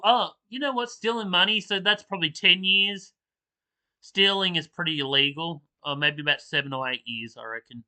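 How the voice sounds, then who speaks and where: Exasperated man ranting, bright voice. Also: on the high side, clear, resonant tone, low-quality recording. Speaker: reaction video host. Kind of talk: casual reaction commentary.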